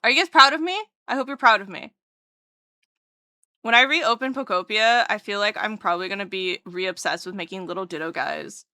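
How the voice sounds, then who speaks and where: A young adult woman livestreamer chatting casually with her viewers, bubbly and excitable, with jokey self-mocking asides and a voice that leaps up when she greets people. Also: medium pitch, a little fast, no room sound, studio quality. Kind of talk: casual chat with live viewers.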